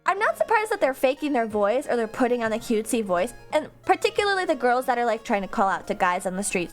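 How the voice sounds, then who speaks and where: A woman streamer chatting casually with her viewers, rambling into tangents and laughing often. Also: high voice.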